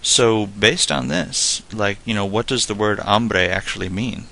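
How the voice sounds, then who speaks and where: A man teaching a casual spoken lesson, explaining in a relaxed, rambling way full of "like" and "you know.". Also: fairly low pitch, a little slow, gravelly. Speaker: Spanish tutor.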